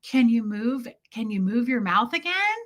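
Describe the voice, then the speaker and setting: Give me a syrupy, overly encouraging grandma , as a woman puts her on, heaping slow, bright-toned praise on a baby. Her voice sits a little high and rings crisp and sharp. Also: big pitch swings. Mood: gushing praise. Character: sugary, relentlessly praising grandmother, older woman.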